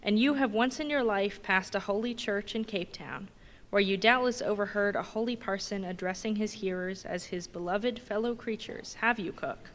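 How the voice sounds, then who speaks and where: A woman reading the lines of a domineering male ship's mate in a brisk, bossy questioning manner. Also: medium pitch, natural voice. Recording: long reverb in a big hall.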